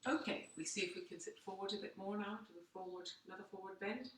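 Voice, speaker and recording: A woman's voice: mid-range voice, fast, far from the mic. Woman teaching yoga in an echoey room. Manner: calm, chatty instructions with asides. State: tired, yawning. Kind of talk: guiding a live yoga class. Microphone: laptop. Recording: echoey room, voice from off-mic, faint noise.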